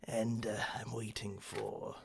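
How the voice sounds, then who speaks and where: Man as a young street performer, slow even delivery, flat pitch, faint clicks behind, tabletop game. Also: creaky, heavy background noise, full character voice. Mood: pleased. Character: young male street performer, pleased with small winnings.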